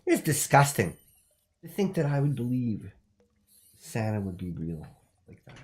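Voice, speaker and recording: A male talk show host who plays everything up like a grand announcer. His pitch leaps and dips with every phrase, and his comic bits come out loud and showy. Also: sing-song, measured pace, pauses often. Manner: theatrical, exaggerated announcer delivery. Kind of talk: comedic call-in show.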